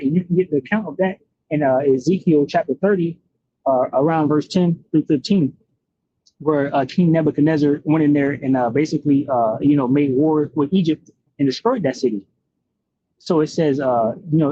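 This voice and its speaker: A man's voice: a little high, brisk, warm tone, highs cut off, a little hiss or hum. Man reading and commenting on scripture. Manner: many fillers and "right?" tags. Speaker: bible teacher.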